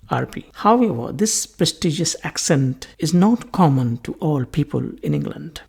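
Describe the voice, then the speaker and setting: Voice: medium pitch, gravelly, a little mellow, breathy edge. A teacher giving a recorded English lecture, repeating key phrases and asking questions before answering them.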